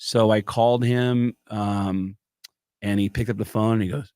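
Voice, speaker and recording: A man's voice: lowish voice, little pitch movement, moderate pace, a little mellow, no echo, studio quality. A man from the US Southwest, a guest comedian and impressionist, telling stories casually and animatedly, swearing and acting out voices. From Tucson, USA. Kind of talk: casual storytelling.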